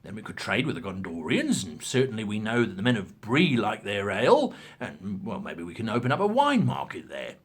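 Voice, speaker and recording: A man's voice: on the low side, wildly swooping pitch, fairly quick, few pauses, slightly rough, exaggerated voice. A man voicing a polite, enterprising male orc who chats eagerly about starting vineyards.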